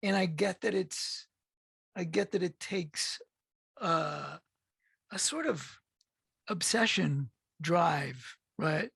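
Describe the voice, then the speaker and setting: Brief: male podcast host with a heavily gravelly voice, rambling and halting. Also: on the high side, expressive, a bit bright, no room sound, clean studio sound. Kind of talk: casual interview.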